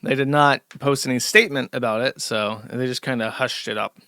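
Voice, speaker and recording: Male streamer host, bright and forceful tone, dry close sound, sarcastic rambling commentary. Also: mid-range voice, steady tone, a little fast, smooth, dry recording. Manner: mocking, sarcastic, rambling with many fillers. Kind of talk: casual live-stream commentary.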